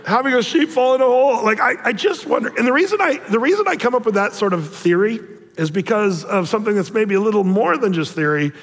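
A high-voiced man preaching with animated storytelling, jumping into little voices for the people he describes. His words carry a long reverb, as if spoken in a large hall. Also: quick pace. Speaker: pastor. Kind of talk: sermon.

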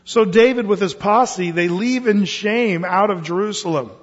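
A male preacher delivers a sermon in a lively, conversational way, firing off rhetorical questions. His voice is husky and sits a little high. It rings through a long-echoing hall on a muffled recording. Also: normal speed.

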